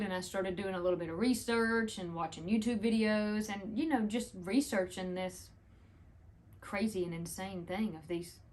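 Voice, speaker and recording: A woman, chatting casually to the camera, rambling through a story with laughs. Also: mid-range voice. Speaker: vlogger.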